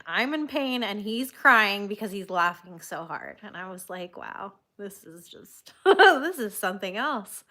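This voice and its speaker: Woman, thirties, crochet stream host, casual chatty, bright tone, laughs often. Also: medium pitch. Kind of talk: casual chat reading live comments.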